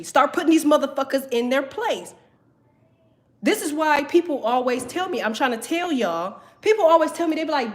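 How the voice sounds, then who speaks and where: A woman's voice: high voice, big pitch swings, moderate pace. Blunt, foul-mouthed woman. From Southern United States. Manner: blunt, heavy cursing, emphatic. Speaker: tarot reader teaching a class. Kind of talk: profane motivational talk to viewers.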